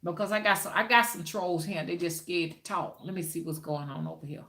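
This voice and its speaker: A woman talks to her livestream viewers in a loose, chatty way, preaching her views and calling out their names as they arrive. Her voice is bright and carries some edge. The room behind her rings with echo. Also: fairly low pitch, brisk. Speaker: spiritual rootworker hosting a livestream. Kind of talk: casual livestream talk.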